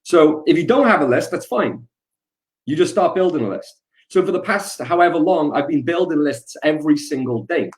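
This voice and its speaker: Energetic man speaking on a video call. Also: on the high side, normal speed. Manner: energetic, hype-building. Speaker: guest speaker. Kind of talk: casual webinar talk.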